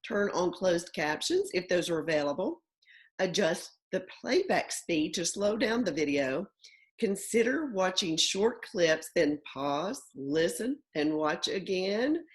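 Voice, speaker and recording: A woman teacher walks young children through a phonics lesson, spelling out letter patterns and stretching words. Her voice sits a little low and swings widely in pitch. She speaks very slowly and deliberately. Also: big pitch swings. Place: home.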